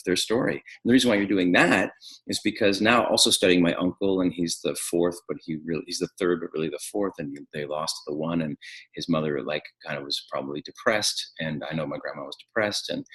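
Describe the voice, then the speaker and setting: A man teaching an acting webinar, animated, with frequent restarts and fillers. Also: low voice, rough recording. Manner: animated, restarts and stacked fillers, drops to quiet reflection. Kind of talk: webinar lecture.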